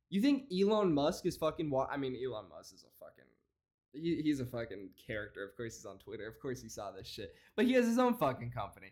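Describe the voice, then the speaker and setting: A man's voice: fairly high pitch, darkish tone. A man hosting a comedy podcast, ranting and mocking with lots of swearing and laughter. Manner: profane, mocking, laughs a lot. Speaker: podcast host.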